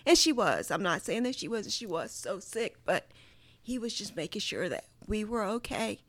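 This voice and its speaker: A woman guest, medium in pitch and speaking at a normal speed with big swings in intonation, shares a heartfelt family story in casual chat. Her tone is earnest, and "like" crops up constantly.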